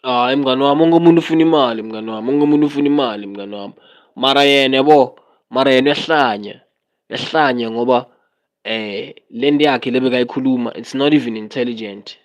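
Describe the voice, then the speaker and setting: South African man, livestream chat, rambling, switches languages, mid-pitched. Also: quick pace. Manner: animated, rambling, code-switching.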